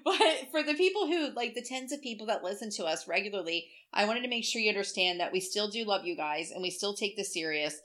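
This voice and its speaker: A middle-aged woman co-hosts a loose, casual podcast. Her voice is bright and clear at an ordinary pitch, and she rambles through stories, swearing freely and laughing along the way. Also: animated, fast, hardly any pauses. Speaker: podcast co-host. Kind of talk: casual chat.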